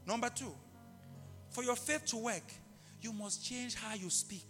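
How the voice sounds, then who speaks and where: A man preaching a live sermon in an impassioned way, repeating key phrases and bursting into shouts. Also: extremely high pitch, measured pace, pauses often. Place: large church hall. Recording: live hall reverb with faint music.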